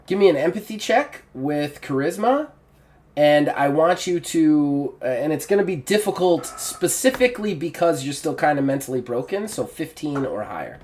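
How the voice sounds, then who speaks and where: A man's voice: a little high, expressive, moderate pace, a little mellow, a little hiss or hum. A man narrating a tabletop game as game master in a casual, rambling way. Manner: casual, rambling with fillers and restarts.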